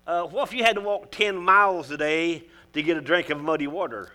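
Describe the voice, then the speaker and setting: Folksy older preacher, high and bright. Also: male voice, fairly quick. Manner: folksy, preacherly, calls out to the congregation. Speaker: pastor. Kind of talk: sermon. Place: church.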